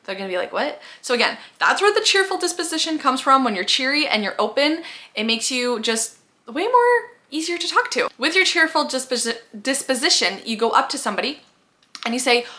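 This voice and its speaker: In an upbeat, chatty vlog, a young woman in her twenties offers friendly advice, sprinkling "like" throughout. Her voice is fairly high and sharp-toned.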